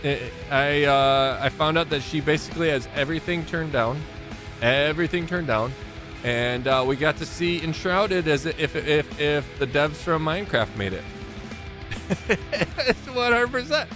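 A man's voice: on the high side, expressive, measured pace, over music. A man with a Michigan accent chatting casually on a live stream from his small home gaming room, rambling and poking fun at himself as he greets viewers by name. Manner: rambling, self-mocking, greets chat by name.

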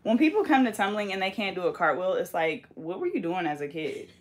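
A woman's voice: on the low side, sing-song, a little fast. A young woman with a Bay Area accent, hosting a casual braiding vlog and chatting in a laid-back, slangy, teasing way. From California. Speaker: hair braider and vlog host. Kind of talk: casual chat while braiding.

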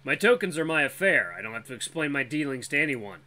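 A reader as a cool, steady black wolf. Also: medium pitch, fast talker, voice pushed up. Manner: dry, steady, menacing calm. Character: gruff male black wolf, cool and protective.

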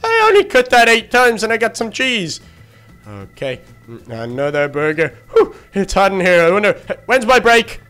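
A man's voice: sits high, wildly swooping pitch, normal speed, fairly bright tone, faint music behind, heavily acted. A man voicing a childlike male baby duck in a Minecraft role-play, chattering to himself and easily flustered. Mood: busy chatter. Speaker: fast-food worker in a game role-play.

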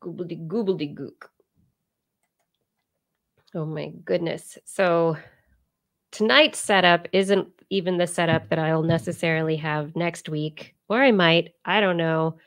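Podcast host, woman, sleepy and loose, gravelly fry, slow unhurried talk. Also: fairly low pitch, a bit bright. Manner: drowsy, loose and giggly. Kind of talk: casual after-show chat.

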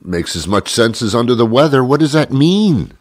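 A man's voice: medium pitch, sing-song, normal speed, dry recording, studio quality. A man hosting a radio show, talking in a rambling, jokey monologue while congested with a cold.

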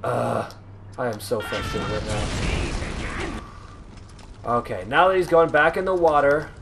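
A man's voice: medium pitch, lively intonation, a little slow, vocal fry, noisy background. Confused, exasperated young man gaming. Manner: confused, exasperated, talks to viewers. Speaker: gameplay commentator. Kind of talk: casual let's-play commentary. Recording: game music playing behind.

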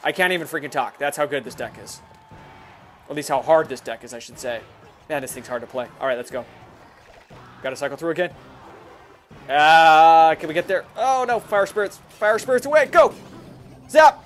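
A man giving excited, fast commentary while playing a mobile game, reacting loudly to every move. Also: a little high, slight background noise. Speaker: gaming YouTuber. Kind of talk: excited live gameplay commentary.

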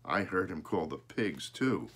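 A man's voice: low-pitched, lively intonation, unhurried, a bit bright, full character voice. A man voicing a farmer father who speaks plainly and earnestly. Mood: calm. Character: hardworking farmer father, steady and kind.

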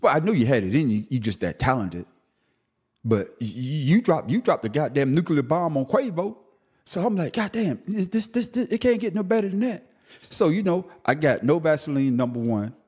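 A male podcast host delivers a lively solo commentary at a moderate pace in a husky voice, lurching from low grumbling to shrill outrage and stammering often.

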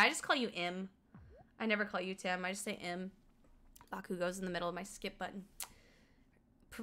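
Her voice is mid-range, bright and forceful: a young Colorado woman gaming on stream, giggling and talking casually with her chat and putting on mock accents along the way.

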